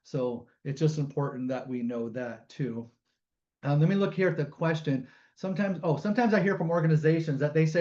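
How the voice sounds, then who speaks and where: A man's voice: a little high, brisk, lo-fi sound. A middle-aged man telling personal stories on a webinar, acting out the quoted voices as he goes. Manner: animated storytelling, acts out quotes. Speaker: guest storyteller and sign language interpreter.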